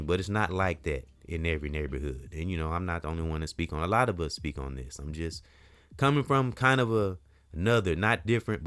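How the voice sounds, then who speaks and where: A middle-aged community vlogger speaks straight to camera in a low voice with a fairly bright tone. His monologue is casual, earnest and rambling, full of "you know," with the odd curse word.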